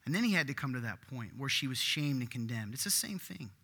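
Man preaching, bright sharp voice, animated, emphatic bursts, church hall echo. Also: medium pitch, fast. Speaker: pastor. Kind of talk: sermon.

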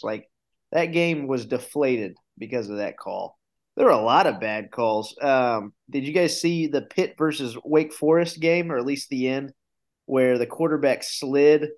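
Sports podcast guy, chatty, gets excited telling game stories. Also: mid-range voice. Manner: animated storyteller, rises when excited. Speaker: podcast host. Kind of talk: casual sports chat.

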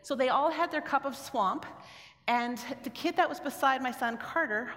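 A middle-aged Canadian woman gives a talk, sharing a personal story conversationally and often putting questions to the audience. Her voice is high and fairly bright, at a moderate pace, and the hall is echoey with long reverb.

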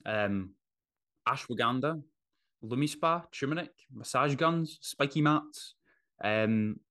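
A man's voice: medium pitch, takes it slowly, long pauses, a bit bright. A man hosting a solo podcast, talking bluntly and casually with plenty of swearing. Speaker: podcast host.

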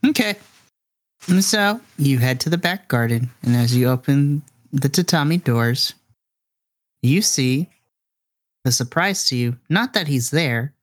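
A man narrating a tabletop role-play as game master, telling the story in a measured, descriptive way. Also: medium pitch.

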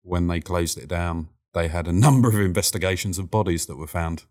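Blunt man, very deep voice. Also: fairly even intonation, fairly quick, a little mellow. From London. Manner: blunt, joking, swears. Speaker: podcast co-host. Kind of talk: casual film-review chat.

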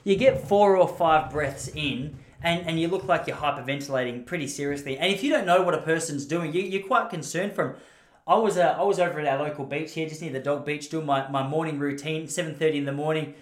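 A man's voice: a little high, quick pace. An Australian man telling rambling, self-deprecating stories in a casual monologue. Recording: roomy echo.

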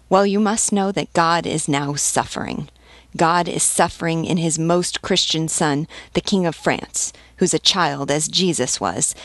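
A woman's voice: low voice, dry recording. A woman reading as a stern elderly nobleman who speaks serenely and persuasively. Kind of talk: audiobook reading.

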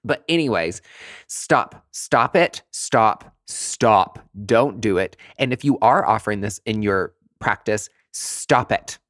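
A man's voice: on the low side, lively intonation, takes it slowly, a bit bright, dry recording, studio quality. A man who works as a nurse injector, ranting to camera in a sassy, profane, dramatic way.

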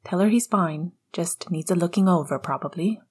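A woman voicing a hot-tempered, protective teenage boy wizard, low and intense, with a husky voice. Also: moderate pace, a little mellow. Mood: curt.

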